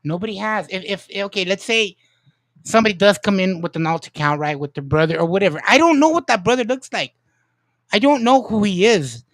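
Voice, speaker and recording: A man's voice: high voice, expressive, brisk, fairly bright tone, dry recording. A man hosting a casual livestream chat, emphatic and repetitive, swearing now and then. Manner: emphatic, repeats himself, swears. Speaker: livestream host.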